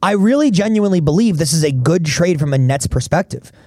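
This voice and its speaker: A male sports podcast host who talks quickly and argues his points with emphasis. His voice sits a little high, and the sound is dry and close. He comes across as opinionated in casual chat. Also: lively intonation, mellow, no room sound. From Philadelphia area.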